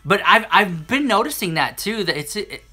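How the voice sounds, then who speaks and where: A man chatting to a live-stream audience, telling a story in an animated, sassy way and acting out the other people in it. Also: high-pitched, moderate pace. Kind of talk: casual storytelling to a live chat.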